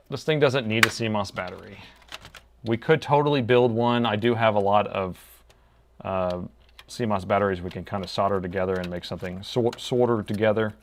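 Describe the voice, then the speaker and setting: Low-voiced man chatting while repairing. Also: slight background noise. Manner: chatty, talks to himself and viewers while fiddling with parts. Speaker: laptop repair technician streaming live. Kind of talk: casual live-stream chat while working.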